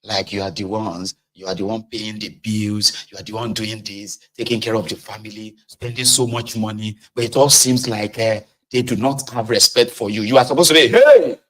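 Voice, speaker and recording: A man with a Nigerian accent speaking in a casual commentary monologue, telling an animated story that swings between loud outbursts and low muttering, with pidgin and Yoruba words mixed in. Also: moderate pace, few pauses.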